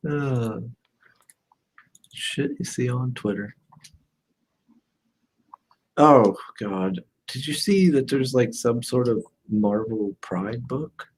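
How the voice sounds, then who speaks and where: Man, livestream co-host, casual chat, animated storytelling, laughs a lot. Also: slow pace, long pauses, low-quality recording. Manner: animated storyteller, laughs often, jumps up in pitch when amused. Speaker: stream co-host.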